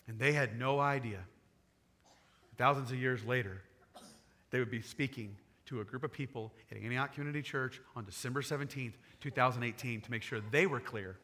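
A man preaching a sermon, retelling a scripture story in casual, animated paraphrase and acting out the characters. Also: medium pitch, fairly quick. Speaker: pastor.

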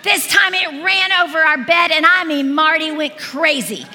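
A woman in her forties preaching, telling a lively story to a congregation and acting out the dialogue. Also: high voice, normal speed. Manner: animated storyteller, acts out dialogue. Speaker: speaker at a church service. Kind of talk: storytelling sermon. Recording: reverberant hall.

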